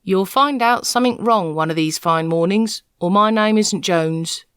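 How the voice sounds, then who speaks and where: A woman voicing a gloomy, know-it-all cabman in a storybook reading, speaking slowly and loudly. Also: medium pitch, smooth, no echo, clean studio sound, close to an everyday voice.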